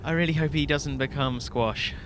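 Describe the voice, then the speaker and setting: A man's voice: medium pitch, fairly even intonation, moderate pace, fairly bright tone, a little hiss or hum. A man co-hosting a gaming video, dry and playful, with silly noises. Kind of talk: casual gameplay commentary.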